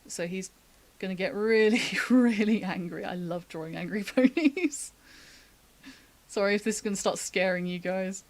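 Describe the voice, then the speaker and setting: A woman talks through a drawing demo in a relaxed, chatty stream. She thinks aloud as she sketches and laughs easily. She is from the UK. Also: mid-range voice, normal speed. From United Kingdom. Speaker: artist giving a drawing demo. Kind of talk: casual live-stream drawing tutorial.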